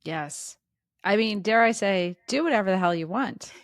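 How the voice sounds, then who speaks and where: A middle-aged woman chatting as a podcast guest, animated and acting out her own inner voice. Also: medium pitch, normal speed, no room sound, studio quality. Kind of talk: casual interview chat.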